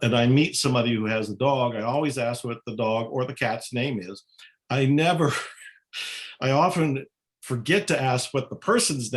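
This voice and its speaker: A man talking as a guest on a podcast, calm and earnest, encouraging listeners. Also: medium pitch. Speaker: podcast guest, spiritual author. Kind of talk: casual conversation.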